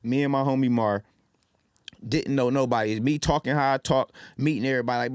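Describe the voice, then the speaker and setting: A man from Detroit in his thirties, guesting on a podcast and spinning street stories in an easy middle register. He jumps into loud acted-out quotes as he tells them. The sound is dry and close, with no room around it. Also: mid-range voice, quick pace, clear, resonant tone, no room sound. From Detroit, Michigan. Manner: animated storyteller, loud when acting out quotes. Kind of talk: casual storytelling.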